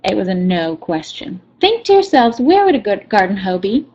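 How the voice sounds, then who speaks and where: A woman presenting a reading lesson for kindergartners, talking quickly with many fillers and restarts. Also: mid-range voice, very animated, warm tone, muffled recording. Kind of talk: lesson demonstration and read-aloud.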